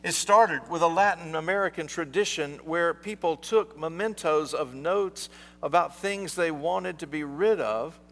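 A man preaching a sermon, telling a story slowly with deliberate pauses. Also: on the high side, fairly bright tone. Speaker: pastor. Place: church. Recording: long reverb of a large hall.

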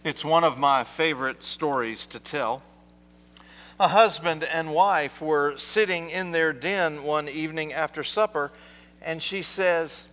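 A man preaching a sermon, telling a story slowly with deliberate pauses. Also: a little high, sharp tone. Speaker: pastor. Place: church. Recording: long reverb of a large hall.

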